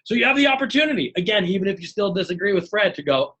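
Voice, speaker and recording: A man's voice: high voice, racing, hardly any pauses, rough recording. A middle-aged man leading a live leadership webinar, teaching with lots of energy and acting out bits of dialogue. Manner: energetic, animated, acts out dialogue. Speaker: leadership trainer.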